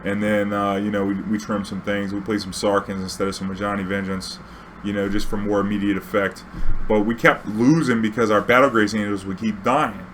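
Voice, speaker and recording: A man's voice: on the low side, level tone, a little fast, fairly bright tone, a little hiss or hum. A young man, telling a casual, profane, slang-heavy story as a vlog host. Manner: profane, laid-back, full of slang and fillers.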